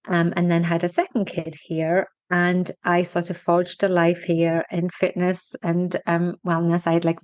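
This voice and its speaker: Chatty Teesside woman, low voice. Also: no echo. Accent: mixed northern English, Teesside. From Teesside, England. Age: middle-aged. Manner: chatty, blunt and self-mocking, swears lightly. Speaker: guest, fitness and women's health expert. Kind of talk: casual interview chat.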